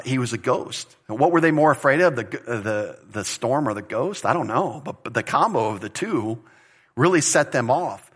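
A man's voice: mid-range voice, a bit bright. Chatty man teaching a Bible study. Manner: informal, chatty, with asides and restarts.

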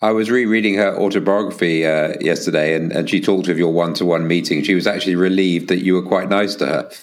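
A man's voice: low-pitched, steady tone, quick pace. A man asking brief, plain questions as the interviewer.

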